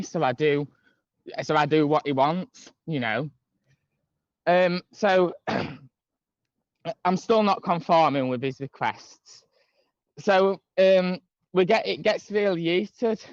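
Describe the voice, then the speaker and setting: A man recounts a long story over a video call, rambling and restarting often. His voice sits a little high for a man. The call audio is dull and muffled, and the sound is dry and close with no room echo. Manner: rambling, many fillers and restarts. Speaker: guest caller. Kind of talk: casual storytelling chat.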